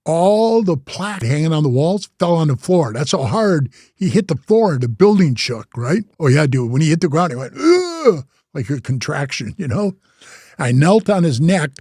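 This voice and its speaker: A man's voice: fairly high pitch, moderate pace, husky, no echo. Older man telling rowdy stories, dry sound. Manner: animated storyteller, acts out other voices, says bro a lot. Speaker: interview guest, former biker club president. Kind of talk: casual storytelling.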